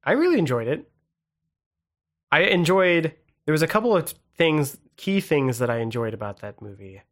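A man in casual conversation about films, rambling with halting restarts and fillers. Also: a little high, sing-song. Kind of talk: casual movie chat.

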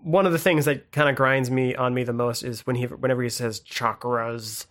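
A man's voice: medium pitch, fairly bright tone. Rambling man chatting about movies. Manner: rambling, halting, frequent fillers and laughs. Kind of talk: casual movie chat.

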